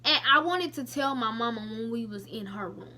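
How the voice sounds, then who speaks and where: A young woman vlogger telling a personal story to her viewers in a casual, emotional, animated way with many asides. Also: on the high side, normal speed.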